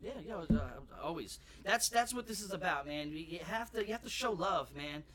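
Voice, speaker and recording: A man's voice: sits high, lively intonation, fairly quick, crowd noise. A man with a Long Island New York accent, hosting a podcast in brash, laid-back casual chat. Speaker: podcast host.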